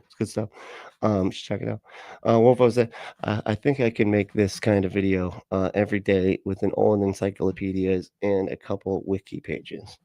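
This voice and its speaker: A man's voice: lowish voice, darkish tone, dry recording. A man hosting a livestream, reacting sarcastically to clips and chatting with viewers, swearing often and laughing at what he watches. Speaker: livestream host reacting to videos. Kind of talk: casual livestream reaction and chat.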